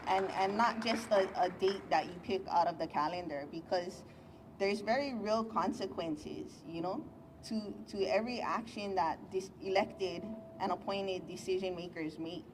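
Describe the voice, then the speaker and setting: A woman's voice: mid-range voice, normal speed, noisy background. A woman, a county council member, speaking earnestly and frankly at a press conference. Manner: earnest, frank, a few restarts.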